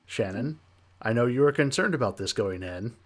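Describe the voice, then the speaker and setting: A man co-hosting a casual chat, relaxed, steering the talk with questions and laughing easily. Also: medium pitch, normal speed. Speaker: podcast co-host.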